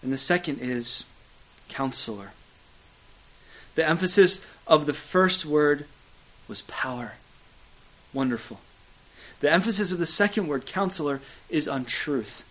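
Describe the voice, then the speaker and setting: A man preaching a sermon, building to loud emphatic peaks, then dropping to hushed, low lines, with a repetitive preaching cadence and occasional fillers. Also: lively intonation, unhurried, pauses often, low-quality recording. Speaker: pastor.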